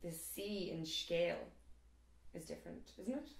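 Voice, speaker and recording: A woman's voice: lowish voice, expressive, measured pace, vocal fry. A young Irish woman hosting a casual language lesson, asking eager, curious questions. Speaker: host and Irish teacher. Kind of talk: casual explanatory chat. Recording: roomy echo.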